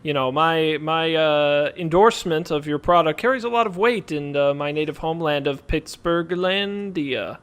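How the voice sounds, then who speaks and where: A man's voice: fairly high pitch, moderate pace, few pauses, fairly bright tone, clean tone, lightly acted. A man voicing a pompous, wealthy male noble customer in a tabletop game, rambling with lots of filler. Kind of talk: in-character tabletop role-play.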